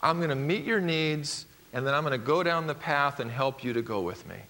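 A male pastor preaching a sermon, emphatic and swinging from loud declarations to hushed, quiet points. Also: a little high, animated, fairly quick, slight background noise.

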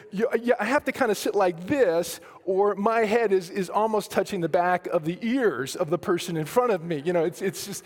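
A man, a pastor from Colorado, preaching a sermon in a storytelling way with self-deprecating humor and frequent restarts. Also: high voice. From Colorado, USA. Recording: long hall reverb.

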